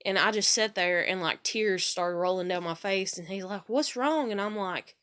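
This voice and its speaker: A woman's voice: lowish voice, steady tone, moderate pace, fairly bright tone, clean tone. A woman, rambling through a personal story in a candid vlog and swearing casually. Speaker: vlogger.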